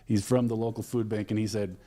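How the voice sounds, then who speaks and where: A man's voice: lowish voice, flat delivery, fast talker, mellow. A man being interviewed as an alumni relations director, earnestly retelling events with quoted dialogue. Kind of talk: radio interview guest.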